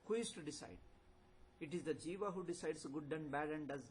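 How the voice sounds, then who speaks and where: A man's voice: on the high side, a little fast, darkish tone, slight background noise, rough recording. An older man teaching a spiritual lecture, emphatic and repetitive, asking rhetorical questions. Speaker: Vedanta teacher.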